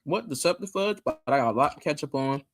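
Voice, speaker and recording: A woman's voice: low-pitched, fast. A woman hosts a casual livestream, chatting loosely with her viewers. Her voice swings up and down a lot as she talks. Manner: chatty and animated, talking to chat. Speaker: livestream host.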